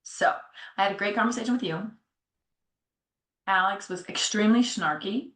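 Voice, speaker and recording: A middle-aged woman telling a personal story in a candid, animated way, often slipping into the voices of people she quotes. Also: mid-range voice, moderate pace. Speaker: podcast co-host. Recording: echoey room.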